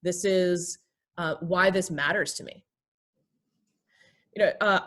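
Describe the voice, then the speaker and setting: A woman therapist and pastor teaching basic communication skills in a relaxed talk, acting out short everyday examples. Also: medium pitch, normal speed, pauses often. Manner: explains with acted everyday examples.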